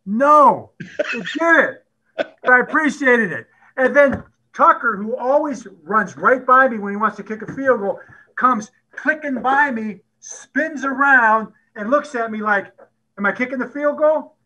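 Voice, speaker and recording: A man's voice: very high voice, animated, unhurried, pushed and bright, rough recording. A middle-aged man, a head football coach, telling a story with energy, acting out quotes and laughing often. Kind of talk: storytelling at a conference talk.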